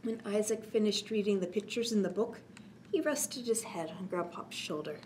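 A woman librarian reading a bedtime story aloud in a soft, gentle way, stopping to chat with young listeners. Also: mid-range voice, normal speed, slight background noise. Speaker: children's librarian.

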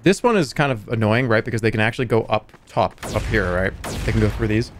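A man's voice: lowish voice, fast, no echo. A man streaming a game with friends, joking and laughing easily in casual chat.

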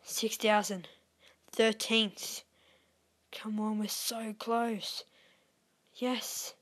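A woman giving excitable live gameplay commentary as a YouTuber, squealing at wins and dropping to whispers when tense. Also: medium pitch, extremely slow. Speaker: gaming YouTuber.

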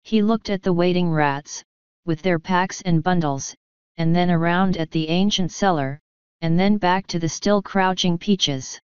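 A woman narrating an audiobook in a measured, even storytelling manner. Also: on the low side, smooth, dry recording, dull audio. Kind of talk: scripted narration.

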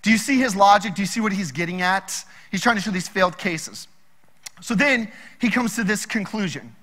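A man preaching a sermon in a casual, animated storytelling way. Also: high voice, a little fast, in a large hall. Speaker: pastor.

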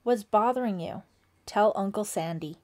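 A woman's voice: medium pitch, normal speed, dark tone, close to an everyday voice. A woman voicing a friendly young male camp counselor who talks in an easygoing, sympathetic way.

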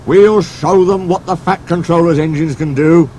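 A man's voice: fairly high pitch, moderate pace, dark tone, soft background music, voice pushed up, lightly acted. A man voicing a cheerful, proud male railway fireman in a storybook reading. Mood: cheery. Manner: cheery, keen.

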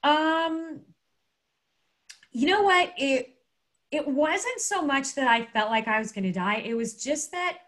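Animated woman telling a story. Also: a little high. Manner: animated, acts out quotes, frequent fillers. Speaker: guest. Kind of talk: casual interview storytelling.

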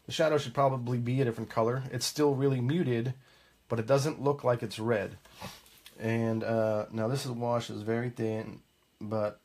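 A man with a gravelly voice walks viewers through a live painting demonstration. He rambles and thinks aloud, stopping and restarting his sentences, and drifts off the mic as he paints. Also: mid-range voice, a little mellow. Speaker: painting instructor.

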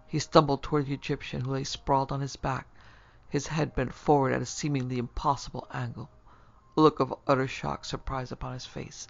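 A man reading a classic horror story as a narrator, in a measured, even way, in a dull lo-fi recording. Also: medium pitch, vocal fry, no room sound. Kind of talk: scripted horror audiobook narration.

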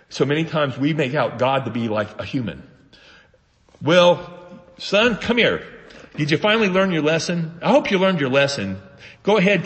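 A man preaching a sermon as pastor, telling the story with animated voices for its characters. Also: mid-range voice, in a large hall. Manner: animated storytelling, acting out voices of the father and sons. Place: church sanctuary.

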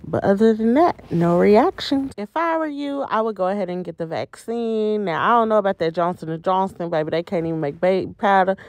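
A woman's voice: mid-range voice, fairly quick, hardly any pauses, a little mellow, no echo, rough recording. A woman, talking casually and dramatically to her viewers in a vlog, sounding tired. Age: 20s. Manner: chatty and dramatic, often calling out to viewers. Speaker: vlogger. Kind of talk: casual vlog talk to camera. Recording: phone video with car noise.

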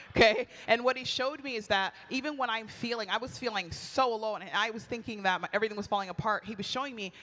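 A woman's voice: on the high side, fairly quick, fairly bright tone. A middle-aged woman preaching at a retreat, candid and conversational, telling personal stories with animation. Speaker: retreat speaker. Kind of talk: sermon. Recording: long hall reverb.

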